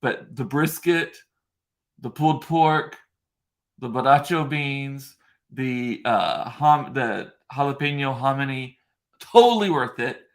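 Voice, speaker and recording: Speaking slowly in an expressive, mid-range voice, a South Texas man vlogs to his viewers in a relaxed live-stream chat. The talk rambles with fillers and restarts, and he stops to address their comments.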